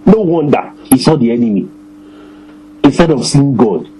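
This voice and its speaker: A man preaching a sermon to his congregation, emphatic, repeating phrases and slowing down to stress scripture. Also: mid-range voice, lively intonation, warm tone, slight background noise, low-quality recording.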